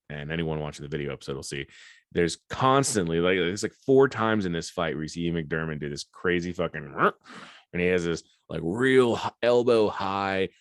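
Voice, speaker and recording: Deep-voiced man, profane and rambling. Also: no room sound, studio quality. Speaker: podcast host. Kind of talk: casual podcast chat.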